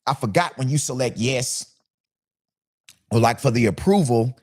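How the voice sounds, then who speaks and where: A man's voice: mid-range voice, expressive, normal speed, darkish tone, no echo. Man DJ ranting casually, dry sound. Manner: conversational ranting, rhetorical questions. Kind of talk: casual monologue to camera.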